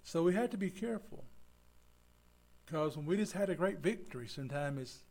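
Folksy preacher man, lively. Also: fairly high pitch, fairly quick, vocal fry. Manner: folksy, acts out quoted voices. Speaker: pastor. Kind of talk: sermon.

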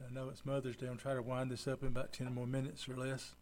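A man's voice: medium pitch, monotone, fast, slight background noise. A man preaching a folksy sermon as pastor, acting out the people he quotes. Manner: folksy, acts out quoted voices.

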